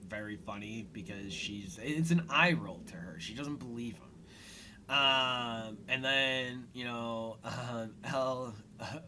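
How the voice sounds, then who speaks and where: A man's voice: medium pitch, noisy background. A man hosting a casual commentary podcast, retelling an episode with lots of fillers and quoted lines. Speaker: podcast host.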